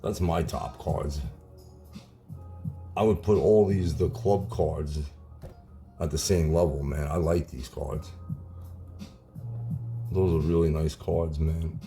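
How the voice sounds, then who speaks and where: A man in his forties casually chatting while opening card packs on his channel, relaxed and saying "man" a lot. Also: extremely low pitch, takes it slowly, pauses often, soft background music. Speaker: card collecting YouTuber. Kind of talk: casual pack-opening vlog.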